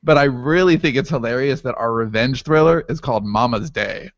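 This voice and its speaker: A man co-hosting a podcast in relaxed chat, easily amused and quick to laugh. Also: mid-range voice, no echo, lo-fi sound. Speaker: podcast host.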